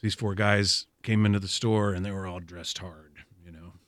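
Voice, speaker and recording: A man telling an anecdote as an interview guest, chuckling often and climbing higher as he warms up. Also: steady tone, moderate pace, no room sound. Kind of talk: anecdotal storytelling.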